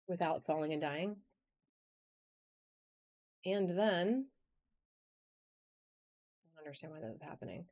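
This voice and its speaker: This woman's voice sits low and a little mellow, and she talks at a measured pace with long pauses. She is running a live-stream auction on a phone camera, bubbly and chatty, welcoming viewers by name while presenting items.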